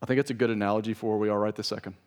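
A man's voice: on the low side, steady tone, racing. A man preaching a sermon to his church, emphatic and pleading, stressing key phrases. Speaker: pastor. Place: church sanctuary.

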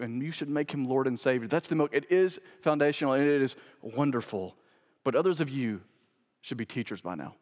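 A male pastor preaching a sermon, stressing key phrases by repeating them and moving from loud to hushed. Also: medium pitch. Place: church sanctuary. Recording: long reverb of a church hall.

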